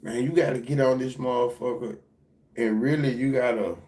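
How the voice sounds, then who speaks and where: A man's voice: mid-range voice, steady tone, normal speed, warm tone. A man hosting a livestream, talking loosely and repetitively in casual, profane slang. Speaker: livestream reaction host.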